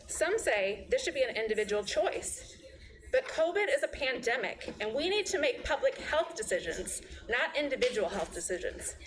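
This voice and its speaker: A woman, a physician and mother, giving a measured, prepared public statement at a board meeting. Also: fairly high pitch, a little hiss or hum, rough recording. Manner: measured, composed, reads prepared remarks. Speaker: physician and parent commenter.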